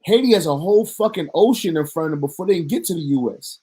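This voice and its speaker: A man's voice: a little high, animated, fast, dark tone, slightly rough. A man delivering a heated commentary rant as a vlogger, talking in a profane, emphatic and indignant way.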